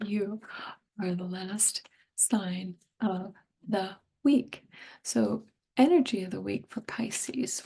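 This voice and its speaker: Hoarse, breathy woman reading tarot slowly. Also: medium pitch. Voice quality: breathy, partly whispered. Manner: slow, gentle, musing. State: losing her voice, hoarse. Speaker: tarot reader.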